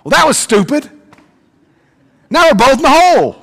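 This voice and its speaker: A man voicing a desperate man stuck in a hole, crying out for help in high, loud pleas. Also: sing-song, moderate pace, gravelly, in a large hall, heavily acted. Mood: pleading, desperate. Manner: high, loud, pleading cries.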